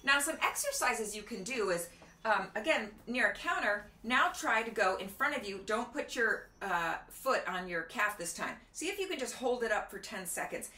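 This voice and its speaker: A middle-aged woman with a bright voice hosts a casual health vlog from her kitchen. She talks in a chatty, instructive way and counts aloud while she demonstrates balance exercises, sounding slightly out of breath. She is recorded on a camera a few steps away. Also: a little high, animated, normal speed. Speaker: doctor and video host. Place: home kitchen near a counter.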